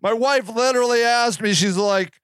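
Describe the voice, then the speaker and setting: A man's voice: extremely high pitch, normal speed, fairly bright tone, clear, resonant tone, no echo, clean studio sound. A man in his sixties hosting a podcast, ranting in a profane, sarcastic way and laughing at himself. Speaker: podcast host. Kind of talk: casual ranting monologue.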